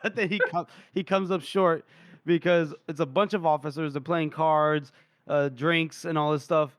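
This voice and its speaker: A man's voice: a little high, steady tone, a little slow, clean tone, dry recording, studio quality. A man co-hosting a casual book podcast, retelling scenes with lots of laughter, acted quotes and fillers. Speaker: podcast co-host.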